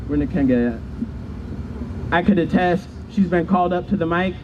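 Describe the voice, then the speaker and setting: A man's voice: sits high, a little slow, dull audio. A man giving a fiery, rhetorical speech at an outdoor street protest. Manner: fiery, rhetorical, chants with crowd. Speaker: protest speaker. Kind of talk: impassioned rally speech. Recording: loud crowd and street noise.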